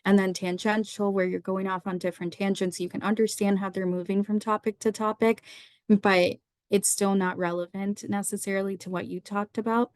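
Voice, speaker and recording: A woman's voice: medium pitch, level tone, normal speed, no echo, studio quality. A young woman, a psychiatry resident, teaching medical students through a slide lecture, running through lists of questions in an explanatory way. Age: young adult.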